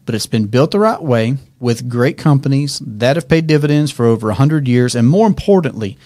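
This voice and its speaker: A man's voice: medium pitch, animated, fairly quick, mellow, no echo, clean studio sound. A middle-aged man hosting a talk in an office, explaining ideas step by step and checking in with questions as he goes. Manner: teaching with frequent check-in questions. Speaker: host and financial educator.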